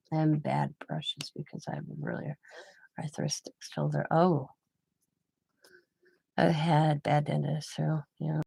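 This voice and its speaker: A woman's voice: low-pitched, flat delivery, takes it slowly, vocal fry, long pauses, mellow, breathy edge. An older woman hosting a craft channel, telling rambling personal anecdotes in casual chat and laughing often.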